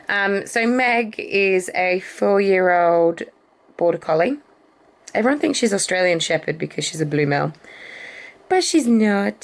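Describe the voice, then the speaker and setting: A woman's voice: on the low side, lively intonation, unhurried. Chatty woman cooing over her dogs. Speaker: vlogger introducing her dogs. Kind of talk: casual chat to camera. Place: home, indoors. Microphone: camera resting on the bed.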